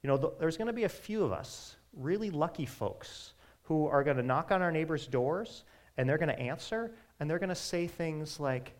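A male pastor preaching in a relaxed, chatty way, his voice sitting a little high for a man. His pitch rises and falls freely, and he speaks in quick asides to the congregation. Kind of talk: sermon.

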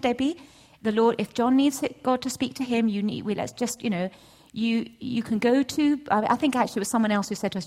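A middle-aged woman giving a testimony at a church session, storytelling with lively acted-out dialogue. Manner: animated storytelling, acts out voices with big pitch jumps. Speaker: church speaker. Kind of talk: testimony sermon.

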